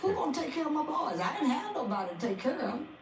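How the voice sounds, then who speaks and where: A woman's voice: high-pitched, very animated, quick pace. An older woman, a guest on a podcast, giving an emotional testimony about her family and repeating phrases like a preacher. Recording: echoey, distant, faint noise.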